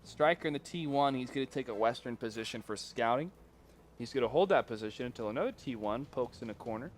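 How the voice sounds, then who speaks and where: A man's voice: mid-range voice, fast talker, slight background noise. A man doing live color and play-by-play commentary for an esports tank match, joking and laughing between calls. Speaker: esports caster.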